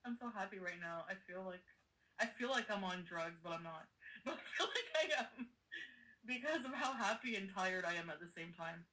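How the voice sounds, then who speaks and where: A woman's voice: medium pitch, lively intonation, normal speed, pushed and bright, low-quality recording. A woman chatting casually on a livestream, tired and giddy, laughing often and greeting viewers by name. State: exhausted, delirious from travel.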